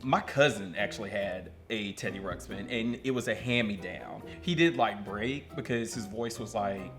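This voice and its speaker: A man in casual chat, jokey and animated, reminiscing about childhood toys. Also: lowish voice, normal speed, soft background music. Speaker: panelist reacting to old ads.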